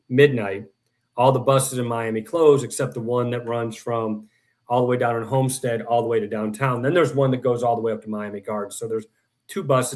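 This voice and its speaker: A middle-aged man talking as a guest in a casual interview. He rambles through animated anecdotes and acts out the other people in them. His voice sits at an ordinary pitch for a man. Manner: rambling, animated storyteller acting out quotes. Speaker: guest author and professor.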